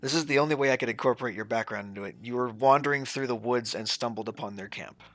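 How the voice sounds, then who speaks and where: A man's voice: medium pitch, fast, dry recording, faint music behind. A man running a tabletop game as game master, narrating casually with many fillers. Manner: relaxed, filler-heavy narration.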